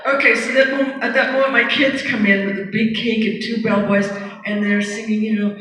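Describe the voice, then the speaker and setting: A woman's voice: a little high, steady tone, fairly quick, fairly bright tone. Woman telling funny stories on a stage. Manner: chatty, self-mocking, swears casually. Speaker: stage performer. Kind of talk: comedic stage storytelling. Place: large theater stage before a live audience. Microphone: audience camera far from the stage. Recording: distant echoey theater audience recording. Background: audience laughter and hall noise.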